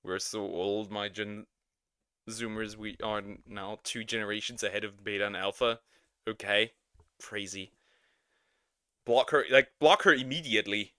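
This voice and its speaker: A man streaming as a VTuber, reacting live with loud laughter and shocked exclamations. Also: fairly low pitch, fairly even intonation, unhurried, pauses often, clear, resonant tone, no room sound.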